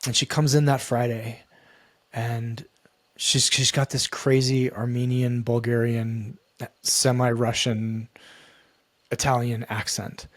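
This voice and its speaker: A man, a guest on a podcast, telling a personal story in an earnest, halting way that repeats and restarts phrases. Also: medium pitch, little pitch movement, dry recording. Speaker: guest, men's coach.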